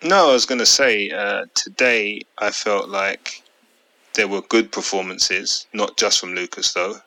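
A man's voice: on the low side, a little slow, pushed and bright, low-quality recording. A man co-hosting a casual football podcast, opinionated and blunt, swearing freely. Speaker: podcast co-host.

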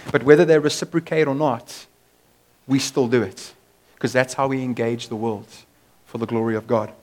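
A man's voice: mid-range voice, a little mellow. Emphatic, conversational male preacher. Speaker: pastor. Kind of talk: sermon.

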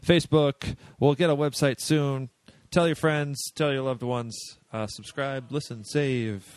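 A man from the Boston area hosting a podcast in casual, halting chat full of fillers. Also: medium pitch, steady tone, dry recording. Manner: chatty, halting, lots of fillers. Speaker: podcast host.

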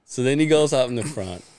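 Animated man telling a story. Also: medium pitch. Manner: animated storyteller, acts out quoted people, lots of swearing and laughing. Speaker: podcast co-host. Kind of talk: casual storytelling chat.

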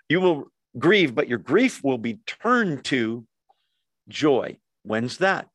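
A male pastor preaching a conversational sermon, acting out quoted voices with lively asides. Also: medium pitch, slow pace, no echo.

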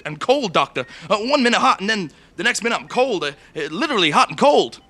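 A man's voice: high-pitched, big pitch swings, fast talker, sharp tone, soft background music, heavily acted. A man playing a stammering, panicky hypochondriac crew member in an audio comedy. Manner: stammering, hysterical.

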